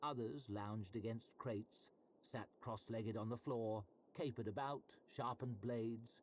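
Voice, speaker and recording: A man narrating a fantasy novel aloud with a measured, expressive reading. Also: medium pitch, a little hiss or hum. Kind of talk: audiobook-style fantasy narration.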